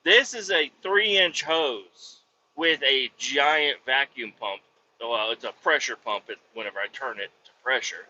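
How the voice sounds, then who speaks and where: A podcast host who works as a vacuum truck operator rambles through a work story in casual talk heavy with swearing. His mid-range voice is unhurried, pushed and bright, and the dull lo-fi recording has faint ambience with a little hiss or hum.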